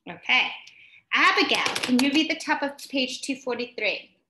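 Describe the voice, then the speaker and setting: A woman teacher leading an online English class, sounding out vowel sounds slowly and patiently. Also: sits high, animated, bright, forceful tone, echoey room, slight background noise. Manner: slow, drawn-out sounding out of vowels.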